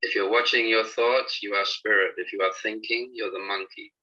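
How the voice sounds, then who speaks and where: Very deep-voiced man guiding a healing session. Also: steady tone, bright, forceful tone, muffled recording. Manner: slow, instructive, reassuring guidance. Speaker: spiritual healing teacher. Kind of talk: guided healing session and talk.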